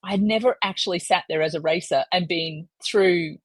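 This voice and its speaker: A woman with a lowish, husky voice tells stories as a podcast guest. She is lively and self-mocking, and the close recording is dry. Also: fairly quick, dry recording. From Australia. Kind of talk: casual storytelling in a podcast interview.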